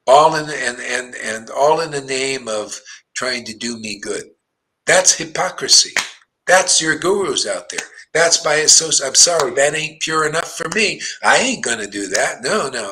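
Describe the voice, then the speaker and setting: Blunt, forceful male preacher. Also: fairly high pitch, poor audio. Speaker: spiritual teacher. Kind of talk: devotional sermon talk.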